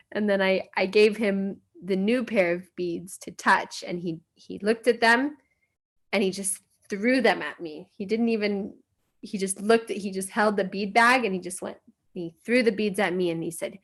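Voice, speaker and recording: A woman's voice: mid-range voice, fairly even intonation, normal speed, a bit bright. An American woman from the United States, earnestly telling personal stories as a guest speaker and acting out the voices she quotes. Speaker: guest speaker sharing memories. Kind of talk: personal storytelling.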